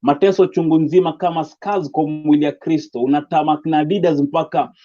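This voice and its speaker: A man's voice: a little high, steady tone, brisk, warm tone. A young Kenyan man with a Kenyan accent, performing spoken word poetry in a rhythmic, rhyming delivery. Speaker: poet. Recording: dull lo-fi recording.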